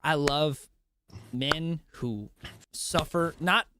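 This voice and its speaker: A man's voice: a little high, drawn-out words, noisy background. A man co-hosting a casual podcast who asks questions, jokes around and puts on voices now and then. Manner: joking and laughing, slips into put-on voices. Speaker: podcast co-host.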